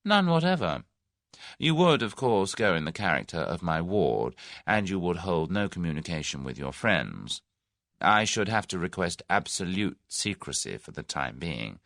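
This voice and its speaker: A man voicing a large, smooth-talking scheming businessman in a mystery audiobook. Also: low-pitched, sing-song, normal speed, a bit bright, no echo, clean studio sound, full character voice. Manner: suave, oily and persuasive.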